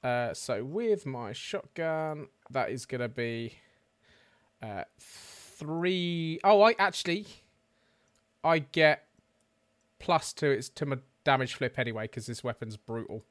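A man playing at a tabletop game table, chatting casually and describing his moves with animated rambling. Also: mid-range voice, slow, dry recording, studio quality. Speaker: player.

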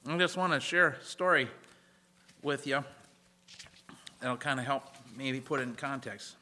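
A man's voice: mid-range voice, unhurried, bright, forceful tone. A man preaching a sermon in an earnest, emphatic way, stressing key phrases. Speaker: pastor.

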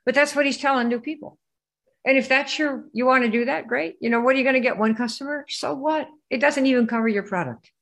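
A woman with a high, fairly bright voice speaks fast while giving a live business training presentation. She keeps firing rhetorical questions at her listeners and quizzing them, pushing them to answer.

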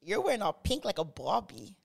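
A woman's voice: medium pitch, very animated, brisk, gravelly, darkish tone, a little hiss or hum. Podcast host, young woman, casual and bossy, laughs easily, keeps the show moving. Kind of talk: casual chat.

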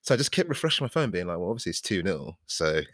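A man's voice: sits low, fast talker, no room sound, clean studio sound. A man co-hosting a football podcast who tells stories animatedly and makes fun of himself. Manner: animated storyteller, self-deprecating. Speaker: podcast co-host. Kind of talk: casual podcast chat.

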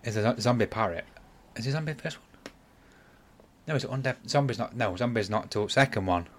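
A man's voice: medium pitch, a little fast, a little hiss or hum. A man, casually retelling a game's plot on a podcast, rambling and apologizing as he goes. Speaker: podcast host. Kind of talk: casual chat.

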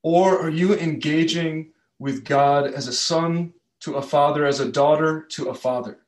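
Slow, earnest preacher man in echoey church. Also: a little high, fairly even intonation. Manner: earnest storytelling, conversational. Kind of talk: sermon.

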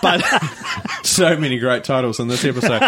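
A man's voice: medium pitch, expressive, moderate pace, a bit bright, slight background noise. A man co-hosting a podcast, telling a rambling story in casual chat with plenty of fillers and laughs. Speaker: podcast co-host.

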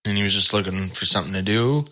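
A man hosting a podcast, who tells stories in an animated way and laughs often. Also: lowish voice, fast. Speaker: podcast host. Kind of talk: casual interview chat.

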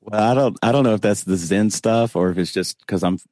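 A man with a Southern US accent, a podcast guest who talks slowly and meanders with many restarts. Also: on the low side, mellow, no echo, clean studio sound. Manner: slow, meandering, halting restarts. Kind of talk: casual interview chat.

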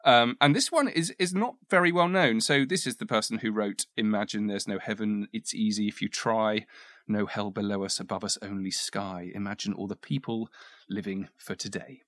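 A man's voice: on the low side, normal speed, a bit bright, dry recording. A man talking on a history podcast, enthusiastic, with some hesitant fillers as he explains and reads poems aloud.

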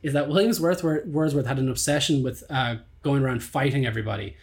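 A man's voice: medium pitch, fast talker. Laughing, chatty man. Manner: animated storyteller who laughs often. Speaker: podcast host. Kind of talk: casual chat. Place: small city flat.

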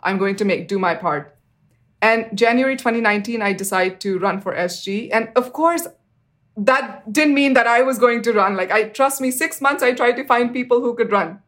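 A woman's voice: moderate pace, fairly bright tone. Earnest woman in her thirties telling her story. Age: 30s. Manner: earnest, acts out remembered dialogue with sudden high pitch jumps; frequent fillers like "like, you know". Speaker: interview guest. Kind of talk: personal storytelling in an interview.

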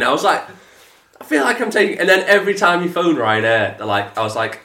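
A man, telling a story in a casual podcast chat, animated and swearing, mimicking others in a flat lowered voice. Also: brisk. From England. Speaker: podcast co-host. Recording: echoey room.

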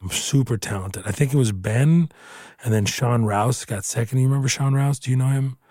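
A man's voice: medium pitch, moderate pace, no echo. Thirties guy, comic telling stories, swears a lot, ribbing his buddy, dead dry close sound. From Houston, Texas. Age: 30s. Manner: animated, swearing, playful banter. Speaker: comedian co-host. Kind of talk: casual chat.

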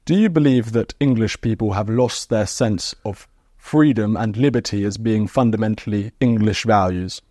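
A man's voice: fairly low pitch, moderate pace, warm tone, no room sound, clean studio sound. A man hosting a podcast interview, asking questions in a prompting, inquisitive way.

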